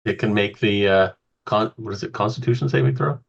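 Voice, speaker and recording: A man's voice: lowish voice, fairly quick, gravelly, husky, muffled recording. A man playing a tabletop game, thinking aloud hesitantly as he works out his turn. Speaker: player.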